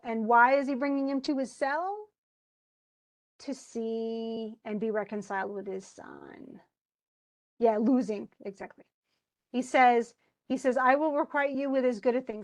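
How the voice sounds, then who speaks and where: Captured in low quality, a woman with a higher-pitched voice gives a casual lecture on a play. Animated and prone to fillers and restarts, she reads verse aloud and then puts it into plain, conversational words.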